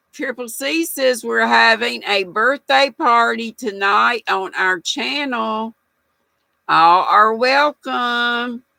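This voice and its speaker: An older American woman hosts a casual livestream, chatty and folksy, reading viewer comments aloud and laughing often. Her voice is a little high, gravelly, pushed and bright. The recording is low quality but has no echo.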